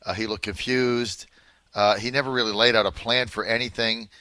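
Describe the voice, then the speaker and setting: A man's voice: lowish voice, fairly even intonation, normal speed, sharp tone, no echo. A man hosting a political talk radio show, speaking in an emphatic, punchy way.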